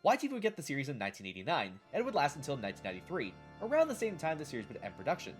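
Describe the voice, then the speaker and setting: A man's voice: a little high, huge pitch swings, rapid-fire, over loud music. Wry man narrating a TV retrospective. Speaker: host of a retrospective show. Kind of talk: scripted narration.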